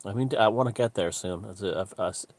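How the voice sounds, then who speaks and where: A man hosting a casual live stream from a room at home, greeting viewers and chatting in a relaxed way. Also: on the low side, fast talker. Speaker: livestream host. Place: room at home with the window open.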